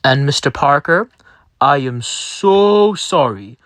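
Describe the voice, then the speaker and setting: A man's voice: a little high, animated, slow pace, a bit bright, no room sound. A man voicing a sheepish, rambling male company boss who stammers and apologizes. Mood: flustered.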